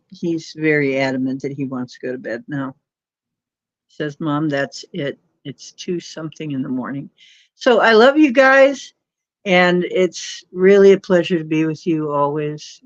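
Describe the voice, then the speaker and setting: Her deep voice carries a rambling late-night livestream that she hosts casually, frequently laughing and poking fun. The audio is dull and lo-fi, without any room sound.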